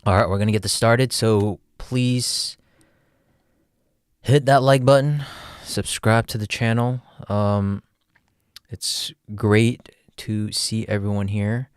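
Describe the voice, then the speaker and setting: A man's voice: fairly low pitch, steady tone, slow, smooth, no echo, studio quality. A man hosting a casual livestream, talking in a jokey, playful way and chuckling often. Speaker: livestream host.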